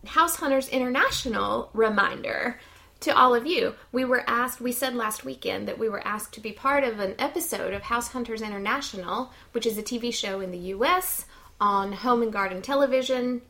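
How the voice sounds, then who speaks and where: A woman's voice: a little high, pushed and bright. A woman, co-hosting a podcast in casual chat, talking freely with fillers and easy laughter. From United States. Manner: chatty, laughs easily, many fillers. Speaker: podcast co-host. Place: lives in Sweden.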